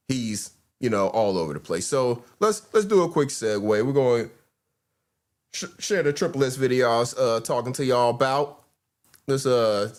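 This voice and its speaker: A man hosting a reaction show, bluntly commenting on clips and calling his viewers y'all. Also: medium pitch. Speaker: host.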